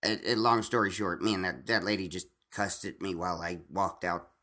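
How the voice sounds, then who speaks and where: A man's voice: deep voice, fairly even intonation, brisk, sharp tone. A man co-hosting a casual chat, rambling and swearing freely, with many restarts. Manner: rambling, profane, frequent restarts and laughs.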